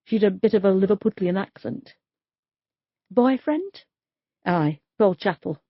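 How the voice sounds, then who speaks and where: A woman's voice: mid-range voice, lively intonation, a little slow, no room sound, highs cut off. A woman doing a blunt street worker. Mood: gossipy. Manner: blunt, gossipy, earthy. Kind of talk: audiobook character voice.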